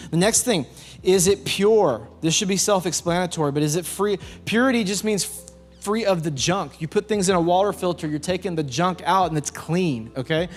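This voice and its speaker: A man with a Southern US accent, a youth pastor giving a sermon and firing questions at the audience to get responses. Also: a little high. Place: church youth hall. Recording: long hall reverb, faint music behind.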